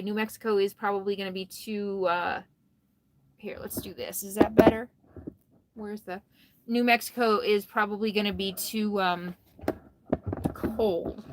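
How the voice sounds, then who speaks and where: A weary woman livestreams casually from her RV on a phone held close, greeting viewers by name, chatting, and frequently laughing. She speaks at a medium pitch with background noise audible.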